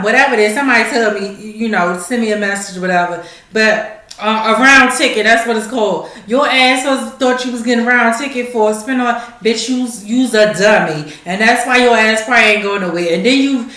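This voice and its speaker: A woman hosting a casual gossip show, ranting and mocking in a loud, profane way. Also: a little high, fairly quick. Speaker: podcast host. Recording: echoey room.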